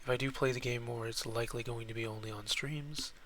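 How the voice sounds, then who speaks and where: Bright-voiced man rambling over gameplay. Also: mid-range voice, steady tone, a little fast, slight background noise. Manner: rambling, wishy-washy, muttering asides. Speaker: gaming YouTuber. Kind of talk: casual let's-play commentary. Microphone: desk mic.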